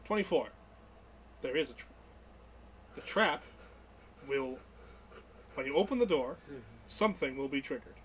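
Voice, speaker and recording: A man narrating as game master of a tabletop role-playing game, a lively storyteller who laughs often. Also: mid-range voice, unhurried, long pauses, slight background noise.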